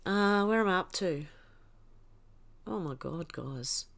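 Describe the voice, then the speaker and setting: A woman's voice: on the low side, expressive, slow pace, vocal fry. A woman hosting a casual livestream, reading chat comments aloud and laughing often. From Australia.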